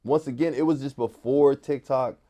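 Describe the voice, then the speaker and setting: A man's voice: medium pitch, fairly even intonation, normal speed, mellow. A man from West Philadelphia with a Philadelphia accent, telling stories in a casual interview as a guest, laid-back and full of "like" fillers. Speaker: guest, artist and DJ.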